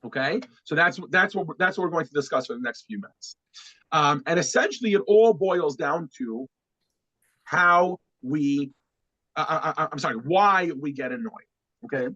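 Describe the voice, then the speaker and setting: A man's voice: on the high side, expressive, normal speed, bright, forceful tone, no room sound, dull audio. A man teaching a class, telling a story to make his point, often repeating words and restarting sentences.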